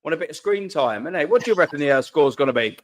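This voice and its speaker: A man's voice: on the high side, expressive, racing. Laid-back slangy man hosting a live stream. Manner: laid-back, slangy, reads chat aloud. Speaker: host of a live fan stream. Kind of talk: casual live-stream chat.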